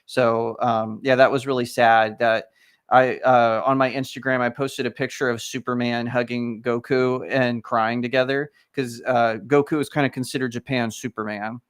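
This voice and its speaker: A man with a subtle Texan accent chatting casually on a live watch-party stream, rambling and quick to laugh. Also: medium pitch, flat delivery, clean tone. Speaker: livestream co-host.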